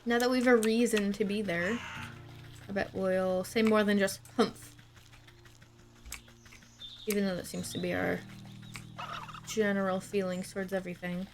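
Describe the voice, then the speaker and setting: A woman's voice: mid-range voice, flat delivery, normal speed, slight background noise. A woman streamer chatting casually as she plays a game, thinking aloud in an amused, chatty way.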